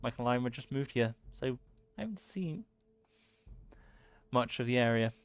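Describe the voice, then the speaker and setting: A man's voice: medium pitch, lively intonation, moderate pace, dry recording, faint music behind, lightly acted. A man voicing a polite young woman settler in a video game, in his own plain voice.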